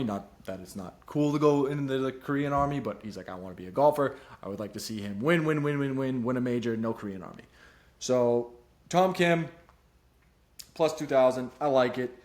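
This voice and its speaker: A man's voice: mid-range voice, moderate pace. A young man hosts a solo golf betting show in a loose, rambling way. He drifts between offhand jokes and his picks, often poking fun at himself. His voice sits in an ordinary mid range for a man. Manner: rambling and self-deprecating, jumps between serious and goofy. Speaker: podcast host giving golf betting picks. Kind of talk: casual solo commentary.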